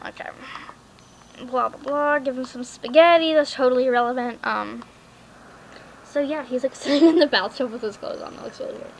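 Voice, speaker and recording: A young female vlogger chatting casually as she plays a game, rambling with lots of "like" fillers and drifting between soft murmurs and loud bursts. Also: high-pitched, normal speed, long pauses, a little hiss or hum, low-quality recording.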